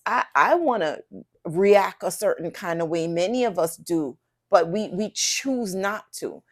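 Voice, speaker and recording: Woman co-host, earnest and teaching, faith-based commentary, lowish voice. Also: lively intonation, measured pace. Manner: earnest, teaching tone that speaks straight to the audience.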